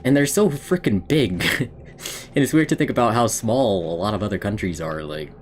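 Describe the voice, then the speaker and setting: A man's voice: fairly low pitch, lively intonation, normal speed, slight background noise. A man streaming a horror game, chatting in a casual, rambling way to himself and his viewers and laughing often. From United States. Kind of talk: casual gameplay commentary.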